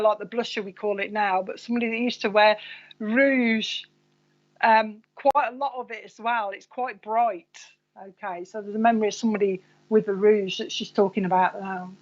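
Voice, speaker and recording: A woman's voice: on the high side, highs cut off. A woman psychic medium giving live readings to viewers, chatty and rambling, calling people by name.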